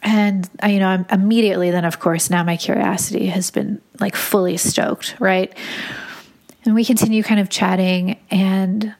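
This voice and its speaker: A young woman casually telling a personal story in a chatty, animated way, full of fillers. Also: mid-range voice, normal speed, gravelly. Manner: chatty, filler-heavy, animated retelling with laughs.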